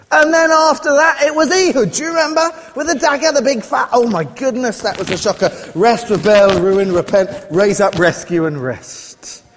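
A man giving an animated Bible talk to children, asking them questions and repeating lines rhythmically. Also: very high voice. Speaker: children's church leader. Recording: echoey hall, faint noise.

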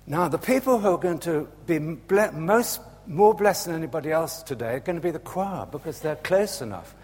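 A man preaching a sermon in a church, slow and animated, dropping to a hush and rising again. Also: on the high side, breathy edge. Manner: slow, animated, swings from loud to hushed. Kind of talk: Palm Sunday sermon. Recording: echoey church hall with long reverb.

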